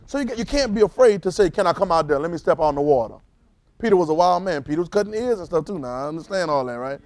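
A man preaching a sermon in an animated, repetitive way, calling on the congregation to repeat his words and rising into loud emphatic bursts. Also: sits high, quick pace, no room sound. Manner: calls on congregation to repeat phrases.

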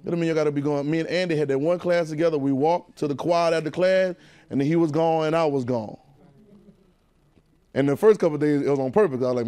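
A Southern-accented male pastor preaches in a loose, conversational way, teasing his congregation and drawing responses from them. His voice sits a little higher than most men's. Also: fast, mellow, clean tone. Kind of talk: preaching a sermon. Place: church sanctuary with congregation.

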